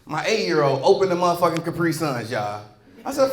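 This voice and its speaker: St. comedian shouting in an echoey club. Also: male voice, on the high side, sing-song, a little fast. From St. Louis, Missouri. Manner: loud, crude, playful crowd work with shouted punchlines. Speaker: stand-up comedian. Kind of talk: stand-up comedy set. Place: comedy club stage before a live crowd. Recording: echoey club with a roaring crowd.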